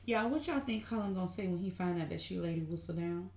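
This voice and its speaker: Animated woman gushing over a tv episode, keeps calling folks honey and y'all, roomy sound. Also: on the low side, fast talker, few pauses. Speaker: TV recap vlogger. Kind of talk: excited casual recap. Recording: roomy echo.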